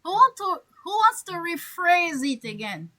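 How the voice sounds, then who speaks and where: A woman's voice: very high voice, big pitch swings, a little slow, sharp tone. A woman coaching an online English class, stretching key words and acting out examples. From French-speaking Africa. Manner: stresses words by drawing them out, acts out examples.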